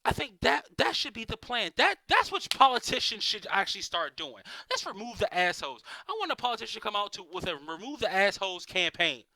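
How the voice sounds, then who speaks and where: A man's voice: high-pitched, big pitch swings, brisk, hardly any pauses, pushed and bright, dry recording. A man doing a profane stand-up comedy rant, full of exasperated rhetorical questions. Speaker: amateur stand-up comic.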